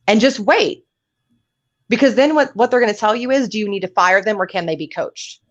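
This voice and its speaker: A woman's voice: mid-range voice, fairly quick. Blunt emphatic woman hosting a talk show. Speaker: host. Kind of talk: panel talk show advice. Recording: dull lo-fi sound.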